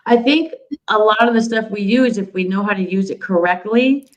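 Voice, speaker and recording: A woman's voice: medium pitch, normal speed, rough recording. Plainspoken woman guest on a call. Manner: plainspoken, animated when explaining. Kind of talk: casual video-call chat.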